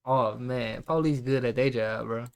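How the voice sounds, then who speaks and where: A man's voice: mid-range voice, steady tone, a little slow, creaky, darkish tone, smooth. A man hosting a reaction video, mocking and incredulous as he comments. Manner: sarcastic, incredulous, teasing. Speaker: reaction channel host.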